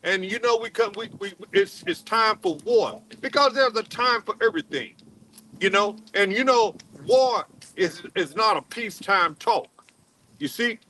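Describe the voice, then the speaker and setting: A man preaching a sermon in a halting, repetitive way, full of fillers, and calling on another man to read scripture aloud. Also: sits high, expressive, pushed and bright, a little hiss or hum, low-quality recording. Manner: halting, repeats words, many fillers, calls on a reader. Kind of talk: street-style sermon with scripture reading.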